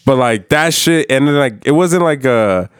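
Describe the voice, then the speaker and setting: A man's voice: medium pitch, expressive, normal speed, clean tone, dry recording, studio quality. A young man casually telling a crude story on a podcast, loose and profane, laughing as he goes. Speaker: podcast co-host.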